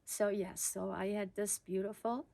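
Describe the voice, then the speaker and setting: A woman tells a personal story from her own life in a conversational tone. She speaks easily, with natural pauses. The sound is dry and close. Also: mid-range voice, level tone, vocal fry, dark tone, no echo.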